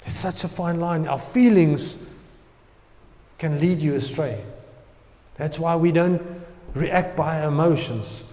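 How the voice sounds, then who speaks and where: A man's voice: fairly high pitch, slow pace, pauses often. Man preaching in a reverberant hall. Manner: preaching with swings from loud emphasis to hushed asides. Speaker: pastor. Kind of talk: sermon.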